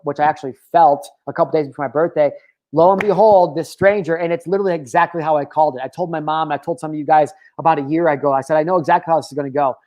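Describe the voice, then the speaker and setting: A man in his thirties with a fairly high, slightly mellow voice hosts his own show, offering casual motivational talk. He speaks openly and profanely about his feelings, wandering off on tangents and using filler words.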